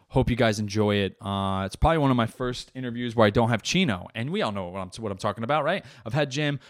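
A man's voice: on the low side, no room sound, clean studio sound. A young man hosting his own podcast in a casual, rambling, profane and jokey way. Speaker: podcast host. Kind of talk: casual solo podcast chat.

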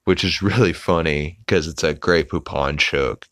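A man's voice: rumbling low, a little slow, fairly bright tone, dry recording. A young adult man hosting a podcast, casually recapping a cartoon with lots of fillers and the odd swear, on a close mic. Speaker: podcast host.

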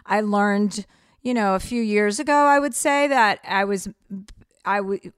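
A woman's voice: mid-range voice, clear, resonant tone, dry recording. A middle-aged woman from New Jersey, a comedian guest, talking bluntly with dry self-mocking humor. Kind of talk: casual interview chat.

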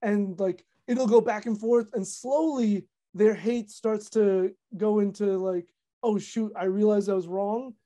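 Young adult woman, content creator guest; chatty, filler-heavy, animated, mellow relaxed timbre. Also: medium pitch, a little slow. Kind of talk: casual podcast chat.

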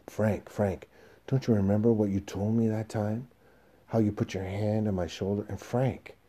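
A man reading the part of an aging, desperate salesman pleading with his boss, in a husky voice. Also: on the low side, fairly even intonation, moderate pace, natural voice. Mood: dazed. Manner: pleading, emotional, rising to shouts.

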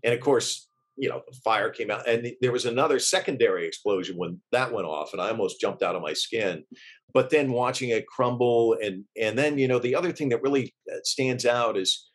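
A middle-aged man speaks in an interview about events he witnessed as a journalist. His voice sits at an ordinary pitch. He talks earnestly but haltingly, with frequent restarts and fillers. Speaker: journalist eyewitness.

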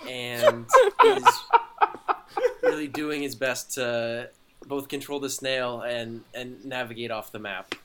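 A man's voice: medium pitch, sing-song, takes it slowly, heavy background noise. A man player describing his character's actions, amused. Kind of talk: describing a character in a tabletop game.

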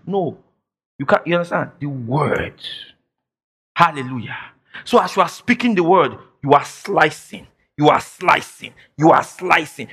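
A man preaching a sermon as pastor, emphatic, repeating phrases and shouting declarations. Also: a little high, husky. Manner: quotes imagined listeners in mock voices.

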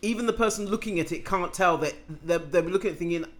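A woman's voice: on the low side, fast talker. Dry-voiced woman co-hosting. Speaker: podcast co-host. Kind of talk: casual chat.

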